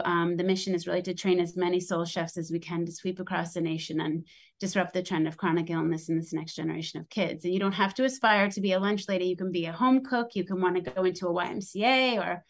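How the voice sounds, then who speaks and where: A middle-aged woman from the United States, a guest on an interview show, telling her story in a chatty, animated way. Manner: chatty and animated, acts out quoted voices with rising pitch. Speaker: podcast guest, school lunch program founder.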